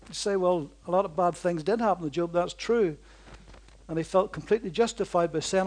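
This high-pitched preacher swings between loud bursts and slow, hushed passages in his sermon. He hammers his points home through rhythmic repetition.

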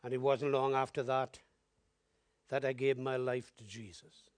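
A man preaching a sermon, telling his testimony in an animated storytelling way and building to emphatic appeals. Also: mid-range voice, measured pace, dry recording.

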